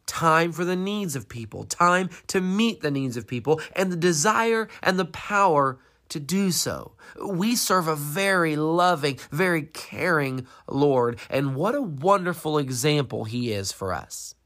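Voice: mid-range voice, expressive, measured pace, hardly any pauses, a bit bright. A preacher giving a sermon, retelling a Bible story with rhetorical questions and dramatic emphasis.

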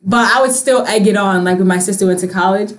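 A young woman chatting casually with friends, her voice at an ordinary middle pitch. She tells stories with lots of energy, slips into the voices of her relatives, and laughs easily. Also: fast. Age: young adult. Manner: animated, acts out family quotes, laughs often. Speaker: discussion participant. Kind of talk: casual group chat.

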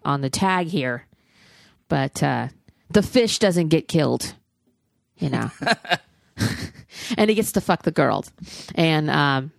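A middle-aged woman with a low, gravelly voice talks in candid, profane, rambling chat about films. Her voice sits dry and close to the mic, with no room around it. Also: no echo. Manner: candid, profane and chatty with frequent restarts. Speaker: podcast co-host reviewing films. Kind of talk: casual chat.

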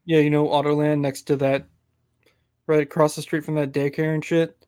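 A young man guesting on a podcast, talking in a laid-back, halting way in casual chat. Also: on the high side, level tone, a little mellow, smooth, no echo, clean studio sound.

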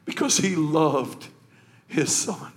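A man preaching a sermon in a high voice. He swings between quiet, tender passages and loud, shouting emotional peaks, and he sounds moved by his own words. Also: lively intonation, slow. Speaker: pastor.

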